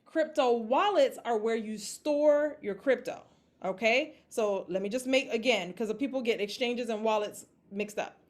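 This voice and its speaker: A woman's voice: fairly high pitch, moderate pace. A woman giving a casual how-to talk to a group, checking in often with "okay?" and "all right?", and acting out panicked reactions now and then. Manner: acts out her own panicked reactions in a raised voice. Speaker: crypto investing presenter.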